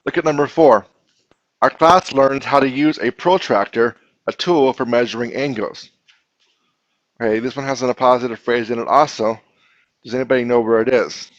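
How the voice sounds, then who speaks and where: A man's voice: medium pitch, steady tone, moderate pace, dry recording. Male teacher, classroom grammar lesson, patient and questioning, dry slightly muffled sound. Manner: patient, explains step by step, asks the class questions.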